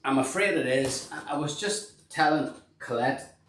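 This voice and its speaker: A man's voice: fairly high pitch, measured pace, fairly bright tone, a little hiss or hum. A man hosting a casual live-stream chat, rambling and self-deprecating with many restarts. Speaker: host and band member. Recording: echoey room.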